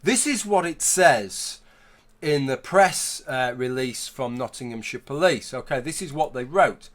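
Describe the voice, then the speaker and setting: A man's voice: mid-range voice, animated, unhurried, a bit bright. A man giving a conversational opinion commentary, arguing his point through hypothetical scenarios. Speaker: YouTube commentator.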